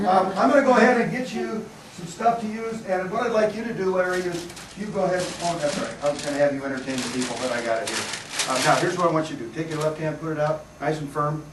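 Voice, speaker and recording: A man's voice: a little high, a little fast. A man performing comedy magic on stage, teasing a volunteer and joking with the audience. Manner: joking, teasing, self-deprecating. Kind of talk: live stage magic patter with audience banter. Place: large hall with live audience. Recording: echoey hall recorded from far off, loud noise.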